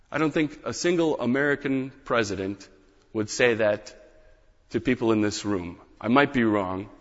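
A man preaching a sermon, emphatic, rising on key phrases and dropping to quiet asides. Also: mid-range voice. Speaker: pastor. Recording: dull reverberant hall sound.

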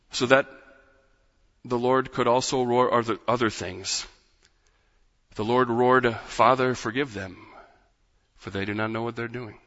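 A man preaching a sermon in rhythmic, repeated phrases that build to loud, impassioned peaks. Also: medium pitch, steady tone, unhurried. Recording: dull sound with long hall reverb.

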